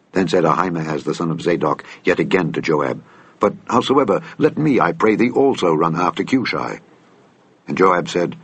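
A man reading an old Bible text aloud in a measured, solemn way. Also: deep voice, fairly bright tone, breathy edge. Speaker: scripture reader.

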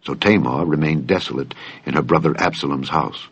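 A man reading scripture aloud in a solemn, measured way. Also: a bass voice, breathy edge. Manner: solemn, measured, archaic phrasing. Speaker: Bible reader. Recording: dull lo-fi dry recording.

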